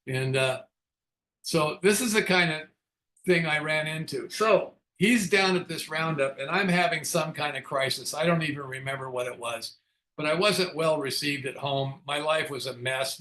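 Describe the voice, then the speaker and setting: A man's voice: a little high, bright, forceful tone, slight background noise. An older man leading a recovery book study, telling his own story in a frank, self-mocking way with frequent chuckles. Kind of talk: candid storytelling talk.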